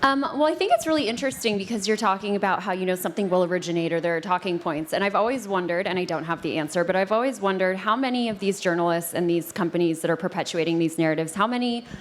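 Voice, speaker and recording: A woman on a conference panel answering a question, thoughtful and quick. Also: on the low side, slight background noise. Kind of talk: panel discussion. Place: conference stage.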